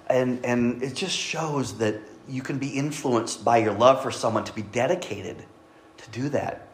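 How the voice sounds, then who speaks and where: A man delivers a sermon in a relaxed, conversational way, dropping in the odd joking aside. His voice sits at an ordinary middle pitch. The room around his microphone is echoey, like a church hall. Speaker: preacher.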